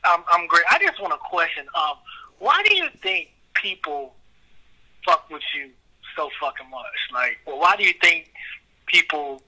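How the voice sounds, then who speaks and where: Bright high-pitched male caller. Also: sing-song, normal speed, rough recording. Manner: casual, profane, questioning. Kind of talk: call-in show talk.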